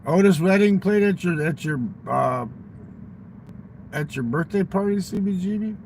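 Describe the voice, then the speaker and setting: A gravelly older man rambles through boastful, profane anecdotes, his voice sitting a little high for a man. Faint room ambience and passing traffic murmur behind him. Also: animated, measured pace, darkish tone, rough recording. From United States. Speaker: livestream guest telling stories. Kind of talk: rambling storytelling. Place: fast-food restaurant.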